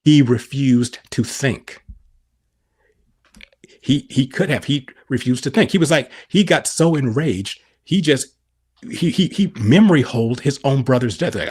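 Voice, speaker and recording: Husky middle-aged man, preacherly. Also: mid-range voice, measured pace. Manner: animated, preacherly, asks and answers his own questions. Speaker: podcast guest. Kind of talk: explaining scripture on a podcast.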